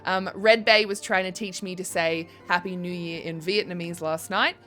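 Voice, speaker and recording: A woman's voice: lowish voice, fairly even intonation, moderate pace, sharp tone. A young woman game streamer chatting casually and rambling to her viewers, with plenty of ums. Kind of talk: casual live-stream chat. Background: faint background music.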